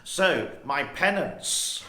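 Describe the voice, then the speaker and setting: Here the host, a man in his sixties, reads headlines on his own channel and rambles along slowly and conversationally. His pitch runs a little high, with lively intonation and a sharp edge, all heard in an echoey room.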